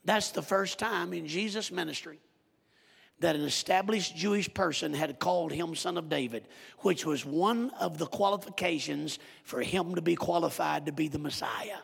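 A man preaching a sermon, telling a Bible story with animated direct address to his congregation in a church. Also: a little high, normal speed, vocal fry, breathy edge, long reverb tail.

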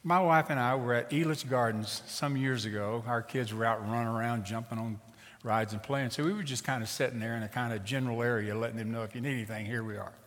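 A middle-aged man preaching a sermon as a pastor and telling a story in an animated, conversational way. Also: mid-range voice, a little fast. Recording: reverberant hall.

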